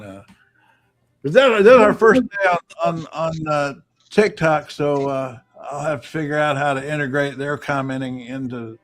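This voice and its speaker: A man hosting a casual live-stream chat, talking in a halting, rambling way with many fillers. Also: mid-range voice. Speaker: host.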